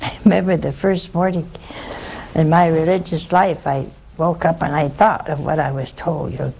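A woman's voice: deep voice, fairly even intonation, moderate pace, vocal fry, a little mellow, breathy edge, low-quality recording. An older woman, a religious sister, giving a spiritual talk full of personal stories and rhetorical questions to her listeners.

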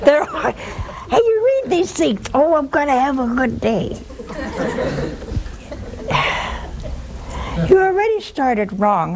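A woman hosting a religious call-in show, preaching emphatically and repeating key words for force. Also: high voice. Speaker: religious TV host taking calls.

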